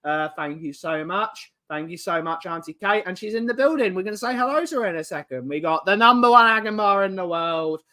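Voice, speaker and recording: Bright, high-voiced man hosting a livestream. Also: expressive, brisk, hardly any pauses. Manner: chatty, greeting viewers in chat one by one. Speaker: livestream host. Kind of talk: casual live-stream chat.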